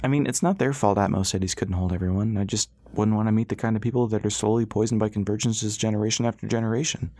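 A man's voice: on the low side, steady tone, quick pace, hardly any pauses, mellow, no room sound, studio quality. Ras, a man playing a wry young mechanic.

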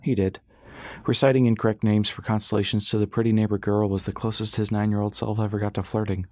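A man reading a novel aloud in a low, steady voice, measuring each sentence with calm storytelling pace. The sound is dry and close, with no room around it. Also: fast talker, dry recording. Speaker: narrator. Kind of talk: scripted audiobook narration.

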